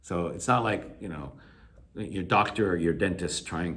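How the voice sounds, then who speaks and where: A man with a slightly low voice giving a recorded video lecture to his class. He explains step by step, circles back often with fillers and self-corrections, and leans hard on the key points. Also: unhurried, fairly bright tone. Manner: emphatic, encouraging. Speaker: English teacher.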